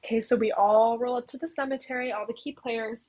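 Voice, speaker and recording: A woman's voice: fairly high pitch, fairly even intonation, a little fast, noisy background. A young woman casually recapping a story plot, chatty and full of "like". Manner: chatty, heavy use of "like". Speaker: video essayist.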